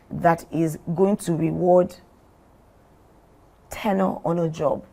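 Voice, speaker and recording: A middle-aged woman from Nigeria, a former company chief, speaking deliberately as a guest in a podcast interview. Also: on the low side, steady tone, gravelly, dark tone. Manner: measured, deliberate, role-plays what she would say.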